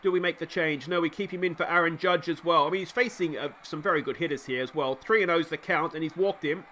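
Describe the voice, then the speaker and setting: A young Australian man calls a baseball sim game play by play, chatty and easily excited, talking to the viewer as he goes. His voice sits high and sounds bright and forceful. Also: fast, slight background noise. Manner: excitable, chatty, often addresses the viewer and himself. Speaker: video game let's play host.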